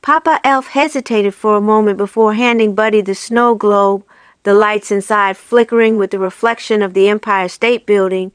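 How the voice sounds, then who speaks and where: A woman reads a storybook aloud in a steady, expressive voice. Her tone is smooth and resonant, recorded dry and close with no room sound. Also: mid-range voice, normal speed, no echo. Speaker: narrator. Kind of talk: storybook reading.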